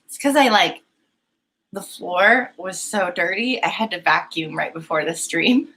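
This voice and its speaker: A woman's voice: fairly low pitch, animated, a little slow, fairly bright tone, low-quality recording. A young woman hosting a painting live stream, chatting casually and giggling as she talks to her chat. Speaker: painting livestream host.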